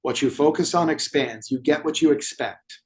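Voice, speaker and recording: A man's voice: fairly high pitch, moderate pace. A man telling a client story as a guest in an interview, acting out the dialogue with animation. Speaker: movement therapy expert guest.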